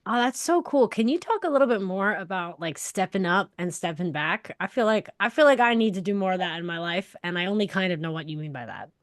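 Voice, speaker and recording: A woman's voice: on the low side, expressive, dry recording, studio quality. Bubbly enthusiastic woman podcast host. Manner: bubbly, enthusiastic, quick laughs. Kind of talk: casual interview chat.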